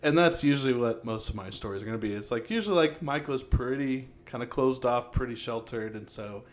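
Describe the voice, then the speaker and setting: A man's voice: medium pitch, a little fast. A young man hosting a podcast, telling stories loosely with lots of fillers and laughs. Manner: rambling storyteller, many fillers, laughs often. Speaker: podcast host. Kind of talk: casual podcast chat.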